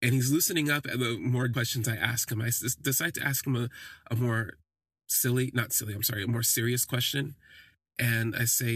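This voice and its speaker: A man's voice: medium pitch, steady tone, a little fast, a bit bright, husky, dry recording. A man telling a first-person story on a podcast in a reflective, hesitant way, often restarting his sentences.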